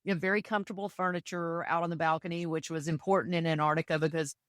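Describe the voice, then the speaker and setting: Podcast guest, woman from Texas, low pitch, dry close sound, chatty and enthusiastic storyteller. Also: steady tone, fast, dry recording. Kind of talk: casual interview chat.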